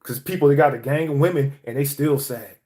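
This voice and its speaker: A man's voice: mid-range voice, brisk, dark tone. A young man from Atlanta, delivering a heated, profane motivational monologue.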